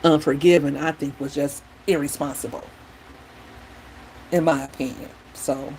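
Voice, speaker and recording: A woman's voice: deep voice, measured pace, slight background noise, low-quality recording. Chatty woman with rambling opinions. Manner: rambling, opinionated, animated retelling. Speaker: vlogger. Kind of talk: casual chat while doing her hair.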